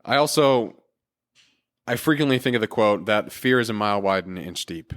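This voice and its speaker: A man's voice: on the low side, lively intonation, moderate pace. A man hosting a solo motivational podcast, talking in an earnest, encouraging and casual way with everyday fillers. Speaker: podcast host.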